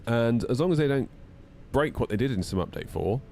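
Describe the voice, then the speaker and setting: A man's voice: fairly quick, vocal fry, a little hiss or hum. Chatty man streaming a sim. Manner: chatty, jumps to high excited pitch when indignant. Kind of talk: casual live-stream chat.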